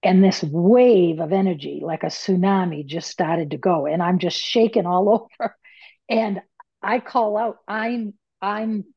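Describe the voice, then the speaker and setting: Casting: woman guest, low-ish voice, animated storyteller, dull dry lo-fi recording. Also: husky, no room sound. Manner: animated, acts out her own panicked inner voice. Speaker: medium and author, guest. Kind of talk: casual storytelling.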